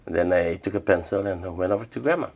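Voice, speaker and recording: Middle-aged guy from the marianas, gravelly low voice, laid back storytelling, does little voices for people he quotes. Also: fast talker, background noise. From Northern Mariana Islands. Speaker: humanities awardee, traditional healer. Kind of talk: interview storytelling.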